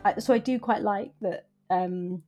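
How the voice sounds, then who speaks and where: A woman's voice: mid-range voice, over music. A woman co-hosting a book podcast, chatting casually with frequent fillers. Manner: warm, halting with fillers.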